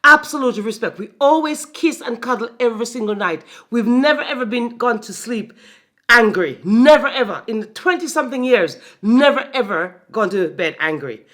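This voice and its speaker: A woman's voice: on the high side, moderate pace. A middle-aged woman hosting a frank, playful talk about her long marriage and giving relationship advice to viewers. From Jamaica. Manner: animated, frank and playful, addressing viewers as guys. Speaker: host.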